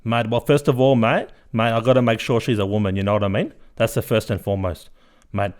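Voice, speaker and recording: A man's voice: on the low side, fairly even intonation, a little fast, natural voice. A man playing a brash, boastful uncle who chases women and says "mate" in nearly every breath. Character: boastful macho middle-aged uncle, womanizer.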